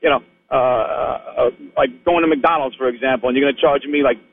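A man's voice: medium pitch, fairly even intonation, a little fast. A man with a New York accent calling in to a radio show, blunt and opinionated. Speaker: caller. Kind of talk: call-in radio chat. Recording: tinny phone line.

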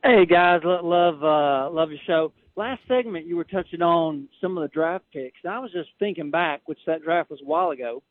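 A man's voice: a little high, moderate pace, few pauses, no room sound. A man calling in to a sports radio show, a bit hesitant and stopping to search for names. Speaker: caller. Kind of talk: call-in radio. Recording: tinny phone line.

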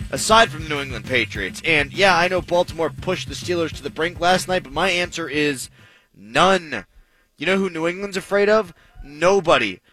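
A man's voice: a little high, bright, forceful tone, poor audio. A man hosting a sports talk radio show, talking in an emphatic, punchy way with self-mocking asides, on a studio microphone.

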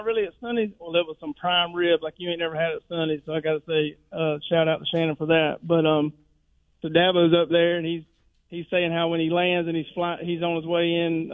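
A man's voice: fairly high pitch, no room sound. A man calling into a radio show, telling rambling stories and acting out the people in them. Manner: rambling storyteller who acts out quotes. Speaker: caller. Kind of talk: phone-in chat. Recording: tinny phone line.

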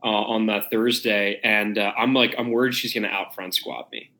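A man co-hosting a casual chat, telling stories with a joking, animated manner. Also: lowish voice, normal speed.

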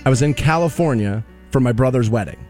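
A man hosting a rock radio show, telling stories loudly and laughing at himself between promo reads. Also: medium pitch, quick pace, faint music behind. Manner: animated, shouting storyteller who laughs at himself. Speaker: radio morning show host. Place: radio studio.

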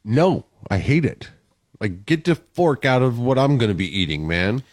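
A man's voice: mid-range voice, lively intonation, moderate pace, dry recording, studio quality. A man in casual banter as a co-host, blunt and grumbling, often repeating himself.

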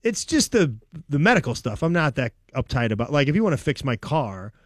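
Animated storytelling man, comedy guest. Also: medium pitch, brisk, dry recording, clean studio sound. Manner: animated storytelling, puts on voices for jokes. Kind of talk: casual chat.

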